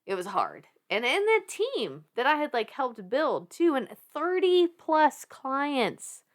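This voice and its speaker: A woman in her thirties with a Southern US accent, a podcast guest telling her story in animated casual talk, laughing often and swearing freely. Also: high-pitched, slow.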